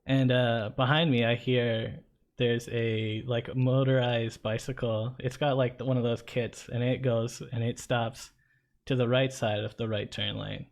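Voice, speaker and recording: Male co-host, chatty anecdote-teller, average pitch, casual tone. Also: measured pace, vocal fry. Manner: animated anecdote-teller, conversational. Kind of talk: casual storytelling chat.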